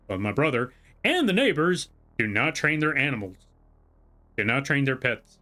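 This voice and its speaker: Bright-voiced man ranting on stream. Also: medium pitch. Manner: rambling, exasperated, self-correcting. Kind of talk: casual livestream chat. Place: home room.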